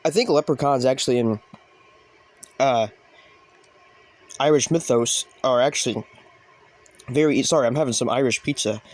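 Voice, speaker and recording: A man's voice: mid-range voice, a little mellow. Rambling man hosting with many fillers. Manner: hesitant, many ums and uhs. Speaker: host. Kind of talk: rambling comedic chat.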